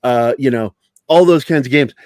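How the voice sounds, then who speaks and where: A man's voice: mid-range voice, normal speed, darkish tone, dry recording, clean studio sound. A man talking as a guest in a casual chat. He rambles, laughs often and swears freely.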